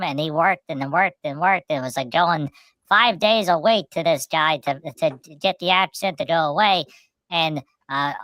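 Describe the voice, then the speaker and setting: A woman's voice: sits low, a bit bright, no echo. A woman co-hosting a casual talk show, telling long stories full of fillers and restarts. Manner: rambling storytelling with many fillers. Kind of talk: casual chat.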